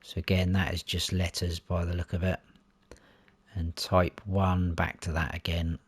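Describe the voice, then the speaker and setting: Gaming channel host, man, very low unhurried voice, dry close recording, lists menu options one by one. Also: monotone, slightly rough, dry recording. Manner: listing options one by one while clicking through menus. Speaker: gaming YouTuber. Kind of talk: console gameplay walkthrough.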